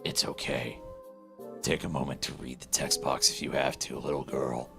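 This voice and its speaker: A man voicing a gruff soldier in a low, steady tone, reading game dialogue aloud. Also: normal speed, music in the background.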